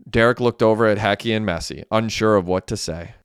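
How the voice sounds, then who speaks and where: A man with a low, smooth, resonant voice reads a novel as an audiobook. His storytelling is even and steady. He is recorded on a close mic in a dry room. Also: brisk, no echo. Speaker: narrator. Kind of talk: audiobook narration.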